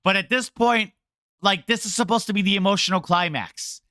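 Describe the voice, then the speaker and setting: A man's voice: high-pitched, brisk, sharp tone, no room sound, clean studio sound. A man streaming a game, ranting to his chat in a rambling, sarcastic way. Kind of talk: casual game rant to chat.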